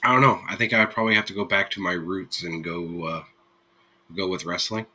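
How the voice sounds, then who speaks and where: A man's voice: low-pitched, fairly even intonation, fairly quick, sharp tone, slight background noise, low-quality recording. A man hosting a live stream, chatting casually with his viewers in an easygoing, rambling way and laughing freely. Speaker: streamer host.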